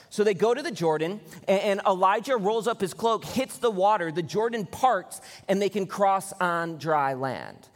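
A man's voice: high voice, normal speed, few pauses. A male pastor preaching a sermon, telling a Bible story in a casual way and briefly acting out the characters' lines. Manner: storytelling, acts out quoted lines. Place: church auditorium. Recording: long hall reverb.

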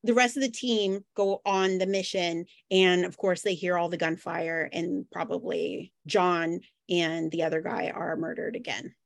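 A woman co-hosting a podcast, recapping a TV episode in a relaxed running summary. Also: on the low side, a little slow, vocal fry, hardly any pauses, no room sound. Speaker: podcast co-host. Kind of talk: casual chat recapping an episode.

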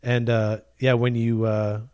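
A man's voice: mid-range voice, little pitch movement, measured pace, a little mellow, clear, resonant tone, dry recording, studio quality. A man hosting a podcast, laid-back, laughing easily and swearing casually while chatting and doing the outro. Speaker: podcast host.

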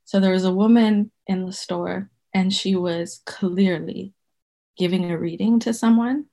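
A woman's voice: medium pitch, steady tone, measured pace, vocal fry, dark tone. A woman in her thirties from Zimbabwe, telling personal stories casually and rambling with many fillers. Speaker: guest herbalist. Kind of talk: casual storytelling.

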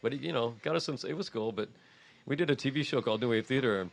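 A man's voice: mid-range voice, fast talker, vocal fry, faint music behind. An older man, a musician guest, telling stories in a casual chat, laughing often and swearing. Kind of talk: casual storytelling.

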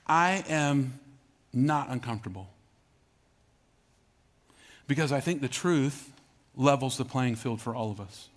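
A man's voice: mid-range voice, animated, unhurried, pauses often. A middle-aged man, preaching a sermon, emphatic and repetitive, calling out to his congregation. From Southern United States. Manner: emphatic, repeats phrases, calls out to congregation. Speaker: pastor.

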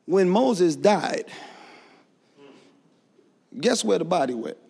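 A preacher delivering a fervent sermon in church, worked up, breaking into shouts and laughter. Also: male voice, sits high, expressive, slow, creaky, breathy edge.

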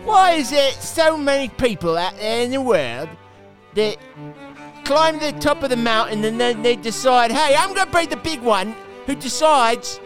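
A man's voice: very high voice, voice pushed up. A man voicing an indignant ranter in a put-on Cockney accent. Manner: shouty indignant rant.

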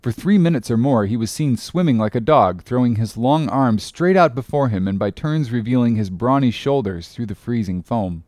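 A man narrating a classic sea story in an expressive, dramatic reading voice. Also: mid-range voice, normal speed, few pauses, no echo, clean studio sound. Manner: expressive, rising with the action. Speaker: audiobook narrator.

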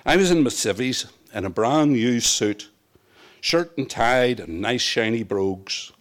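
A man's voice: medium pitch, expressive, a little slow. A man from Northern Ireland reading his own memoir aloud in a wry, reflective storytelling manner. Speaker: narrator. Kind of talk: first-person memoir reading.

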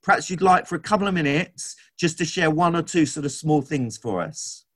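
A man preaching a sermon, retelling scripture in an animated, storytelling way. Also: fairly high pitch, moderate pace.

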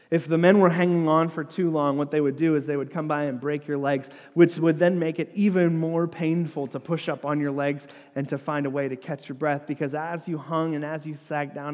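A man preaching a sermon, retelling the story dramatically, dropping to a hush and swelling louder by turns. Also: a little high. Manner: dramatic storytelling, dropping to a hush for quoted words, rising for crowd lines. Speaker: pastor. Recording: long hall reverb.

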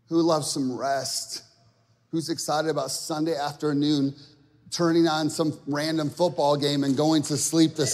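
A man preaching a sermon in church, swinging from quiet talk to shouting and stretching words out. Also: on the high side, in a large hall. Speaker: pastor. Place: church sanctuary.

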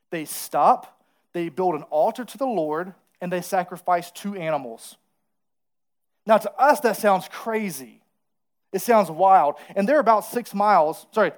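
A male pastor preaching a casual, lively sermon, telling a story and asking the congregation to repeat words after him. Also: high-pitched. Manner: lively storytelling with crowd call-and-response.

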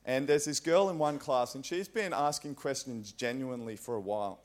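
A man's voice: mid-range voice, normal speed. A man with an Australian accent preaching a conversational, earnest sermon in a church, with frequent fillers.

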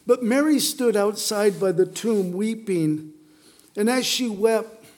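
A man's voice: high-pitched, slow, darkish tone. A middle-aged man preaching a sermon, telling the story with playful asides to the congregation. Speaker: pastor.

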